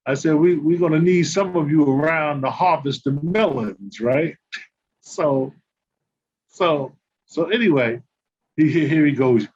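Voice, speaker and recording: A man's voice: fairly high pitch, unhurried, pauses often. An older man, a podcast guest and former basketball player, telling casual stories and acting out the dialogue with laughter. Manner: animated, acts out quoted dialogue, laughs while telling. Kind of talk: casual anecdote storytelling. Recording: slightly muffled with faint background noise.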